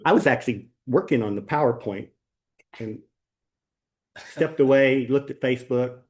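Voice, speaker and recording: A man's voice: mid-range voice, moderate pace. Casual man teaching a church class. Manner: conversational, with ums and rhetorical questions. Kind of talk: church class lecture with slides.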